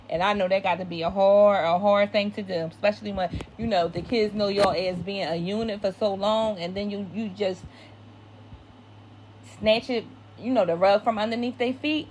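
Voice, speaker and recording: A woman's voice: mid-range voice, fairly even intonation, fairly quick, slight background noise. A woman hosting a casual TV episode recap, talking in an opinionated way and repeating phrases for emphasis.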